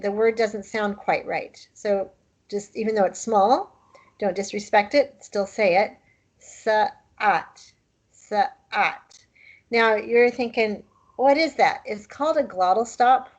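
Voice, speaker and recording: A woman leads a language lesson in a slow, unhurried voice. She explains each point patiently and demonstrates the sounds carefully, at a middling pitch. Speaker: language teacher.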